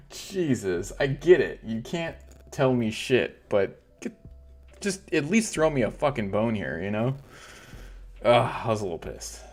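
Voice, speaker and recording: A man hosting a casual livestream, ranting in frustration and swearing heavily. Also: mid-range voice. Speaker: crypto livestream host.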